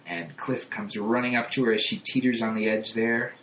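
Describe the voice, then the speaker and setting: Bright-voiced man recapping a comic. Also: fairly low pitch, normal speed, hardly any pauses, roomy sound. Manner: animated storytelling with chuckles. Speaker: podcast co-host. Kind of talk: casual comic-book recap.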